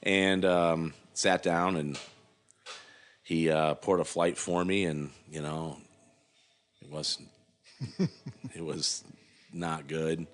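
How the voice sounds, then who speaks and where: A man's voice: rumbling low, fairly even intonation, slow, pauses often. A middle-aged man, a guest brewer, telling a long rambling story in a casual interview, full of fillers and acted-out quotes.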